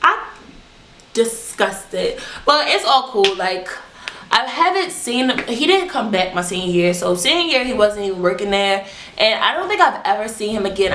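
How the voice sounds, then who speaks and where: A young woman chats straight to her viewers in a storytime vlog. She talks candidly and with lots of swearing, and her voice sits at an ordinary pitch for a woman. The sound carries the echo of a bare room. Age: young adult. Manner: candid, animated, profane storytelling. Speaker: vlogger. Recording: roomy echo.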